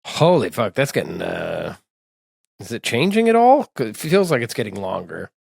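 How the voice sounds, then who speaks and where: A man co-hosting a podcast, chatting casually and telling animated, self-mocking stories with profanity. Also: lowish voice, moderate pace, vocal fry, breathy edge, no echo, studio quality. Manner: animated storytelling, acts out his own scared drunken voice in quotes. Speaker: podcast co-host. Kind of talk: casual chat.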